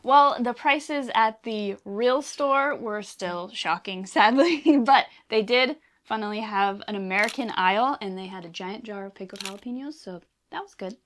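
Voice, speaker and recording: Brief: woman vlog narrator, mid pitch, relaxed conversational voice-over. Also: normal speed, hardly any pauses, slight background noise. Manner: conversational, recapping with a partner. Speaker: sailing vlog host.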